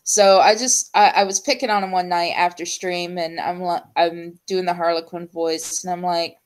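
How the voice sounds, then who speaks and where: A woman talk-show host in casual conversation, her voice sitting a little low for a woman. She wanders through her stories with frequent ums and unfinished thoughts. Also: steady tone, clean tone. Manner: chatty, full of ums and trailing pauses. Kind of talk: casual chat.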